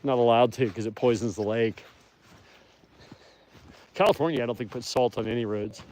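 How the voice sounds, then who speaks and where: A man narrating a live stream outdoors in the snow on his way to a wolf habitat, talking quietly to viewers and calling to his dog and the wolves. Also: medium pitch, steady tone, moderate pace, slight background noise. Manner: talks softly to his dog and wolves, rises when calling them. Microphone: phone, later a chest rig.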